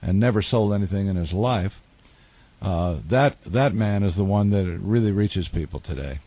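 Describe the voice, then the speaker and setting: Man, low-ish voice, wry rambling storyteller, radio studio guest. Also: normal speed, dark tone. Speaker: guest musician and author. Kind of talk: casual radio interview.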